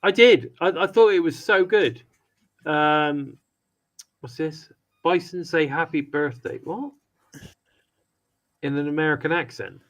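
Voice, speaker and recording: A man's voice: on the high side, takes it slowly, pauses often, poor audio. A man co-hosting a wrestling review podcast, chatting casually and rambling with many restarts. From United Kingdom. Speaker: podcast co-host.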